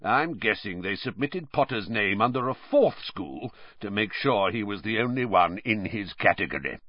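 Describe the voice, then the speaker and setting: A man's voice: lowish voice, animated, normal speed, no room sound. A man voicing a suspicious, grizzled old male wizard who growls menacingly, on slightly dull audio. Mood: gruff.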